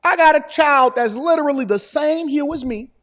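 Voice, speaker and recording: Man in his 40s, high-pitched streamer host, animated and preachy. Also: moderate pace. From Detroit, Michigan. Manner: animated, preachy, hammering repetition. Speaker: political commentary host. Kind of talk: live-stream reaction commentary.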